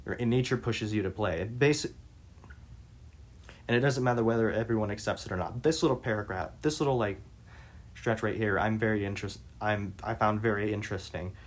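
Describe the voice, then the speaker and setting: A man reading interview passages aloud and commenting on them, halting with frequent restarts and fillers. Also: on the low side. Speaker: reader and commentator.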